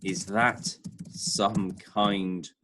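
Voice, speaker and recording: A man's voice: low-pitched, flat delivery, extremely slow, noisy background. A man voicing a polite, quirky little male Minpin, in a quaint, exclaiming way. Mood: quaint, jolly.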